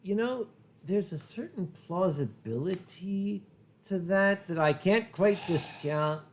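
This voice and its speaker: Middle-aged male host, high voice, swears freely, spins anecdotes with put-on voices. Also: lively intonation, takes it slowly. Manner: profane, anecdotal, slips into funny voices. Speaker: convention chairman and show host. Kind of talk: casual drinking chat on a livestream.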